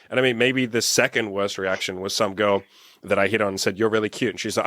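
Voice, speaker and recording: A man's voice: medium pitch, fast, a bit bright, no room sound, studio quality. A man hosting a casual interview as a dating coach, telling stories animatedly, acting out quotes and swearing casually.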